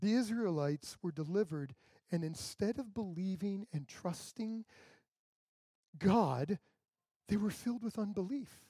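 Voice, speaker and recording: A man's voice: sits high, lively intonation, a little slow, warm tone, slightly rough, no echo. A male pastor preaching a sermon in a conversational way, acting out the people he quotes.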